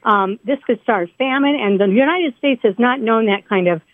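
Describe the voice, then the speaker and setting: A woman from northern Indiana calls in to a radio program, earnest and urgent. Her voice sits on the higher side and comes through a thin, tinny phone line with a dry sound. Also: moderate pace, no room sound. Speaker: caller. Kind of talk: phone call to radio show.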